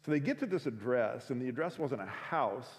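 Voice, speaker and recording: A man's voice: mid-range voice, animated, a little fast. A man telling a story in a casual, conversational way, full of fillers, as a speaker at a school week of prayer. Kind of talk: sermon storytelling. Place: school chapel or auditorium. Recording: echoey hall.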